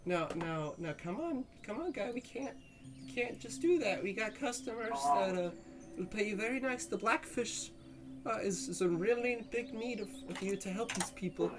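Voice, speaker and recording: A man's voice: high voice, animated, normal speed, pitched above the performer's own voice. A man voicing a nervous, fawning guide who stammers and tries to placate people.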